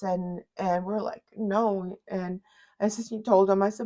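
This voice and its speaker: Halting, emotional middle-aged mother. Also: medium pitch, steady tone, dark tone. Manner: halting, many fillers and restarts, near tears. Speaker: mother telling her daughter's story. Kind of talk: emotional personal storytelling.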